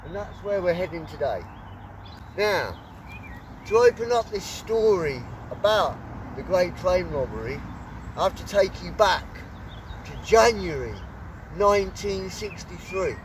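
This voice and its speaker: A man's voice: high voice, lively intonation, unhurried. Chatty man, outdoors. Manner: chatty, self-correcting. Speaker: vlogger. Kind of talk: casual storytelling. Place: outdoors by a country road. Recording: distant mic with loud outdoor noise.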